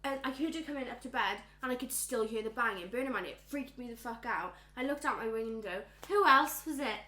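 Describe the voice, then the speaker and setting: Bright, lively woman telling stories. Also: on the high side, brisk. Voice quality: animated storyteller who acts out quotes. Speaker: podcast co-host and cook. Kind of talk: casual chat. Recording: roomy echo.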